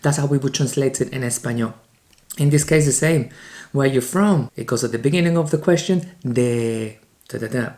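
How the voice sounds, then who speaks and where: A man with a Spanish accent gives a beginners' language lesson in a mellow, warm voice. He keeps an upbeat pace and slows right down to spell out each example sentence. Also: medium pitch. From Spain. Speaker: Spanish teacher.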